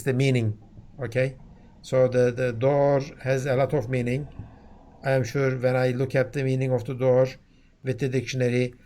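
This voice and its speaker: A man's voice: medium pitch, a little mellow. A man with a Turkish accent giving a university lecture, who often checks in with "okay?" and "right?" and restarts his words. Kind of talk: classroom lecture.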